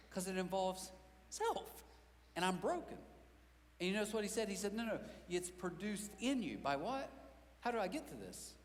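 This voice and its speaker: Animated middle-aged pastor in a big hall. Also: male voice, high-pitched. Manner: animated storytelling with voiced quotes and self-mocking humor. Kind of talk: sermon. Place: large church auditorium.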